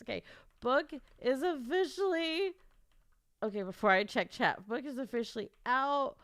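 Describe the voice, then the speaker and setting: A woman's voice: sits high, expressive, moderate pace, a bit bright, no room sound, studio quality. A woman livestreaming, chatting emotionally and on the verge of tears, rambling and stammering through restarts. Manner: emotional, tearful, giddy rambling. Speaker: author and streamer. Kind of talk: casual livestream chat.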